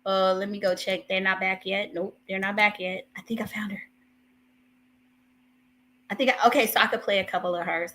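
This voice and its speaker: Bright-voiced chatty woman streamer. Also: mid-range voice, normal speed, long pauses. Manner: chatty, animated, laughing asides. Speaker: live stream host. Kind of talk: casual live commentary to a chat.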